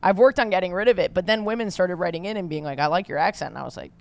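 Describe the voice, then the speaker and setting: A woman with a New York accent chatting on a podcast, her voice raspy with vocal fry, joking and self-deprecating. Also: on the low side, animated, very fast. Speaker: podcast host. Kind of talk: casual chat.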